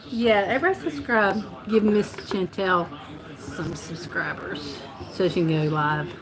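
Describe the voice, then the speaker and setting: Speaking slowly with frequent pauses at a medium pitch, a Southern-voiced North Carolina woman runs her live-stream chat while a crowd murmurs behind her. She rambles, giggles a lot, and talks her way through her mistakes, correcting herself.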